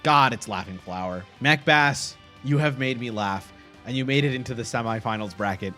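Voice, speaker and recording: A young man hosting a casual stream, reacting with excitable laughter and animated commentary. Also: mid-range voice, moderate pace, faint music behind. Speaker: streamer host.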